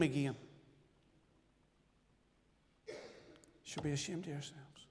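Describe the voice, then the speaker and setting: A middle-aged man giving his gospel testimony as a lay preacher, earnest and pleading, with dramatic pauses. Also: fairly high pitch, a little mellow. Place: church fellowship hall. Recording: long hall reverb.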